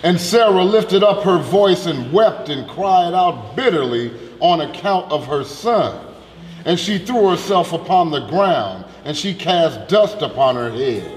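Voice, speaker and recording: A man reading scripture aloud, slow and deliberate, his voice sitting a little high. The room is echoey with a long reverb tail and faint background noise. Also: expressive. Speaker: scripture reader. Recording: roomy hall echo, faint background noise.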